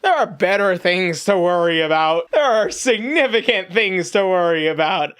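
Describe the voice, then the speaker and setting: A man delivers a comedic commentary rant. He swears constantly and is sarcastic, often restarting his sentences mid-thought. His pitch is mid-range and unremarkable. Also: animated, a bit bright, clear, resonant tone. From United States. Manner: crude, profane, sarcastic, halting restarts. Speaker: YouTube commentator.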